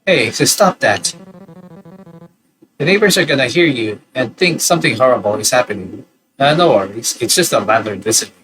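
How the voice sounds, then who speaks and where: Man reading game dialogue, lively pitch. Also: normal speed, soft background music, rough recording. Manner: reads both sides of a couple's argument, dry jokes. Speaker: let's-play commentator. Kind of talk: reading game dialogue aloud with joking asides.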